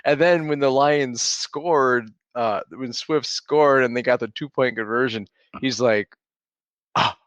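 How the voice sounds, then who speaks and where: Man, podcast co-host, lively storyteller, dry close sound, slightly dull audio. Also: mid-range voice, unhurried, dry recording. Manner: animated storyteller acting out his kids' lines. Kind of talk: casual chat.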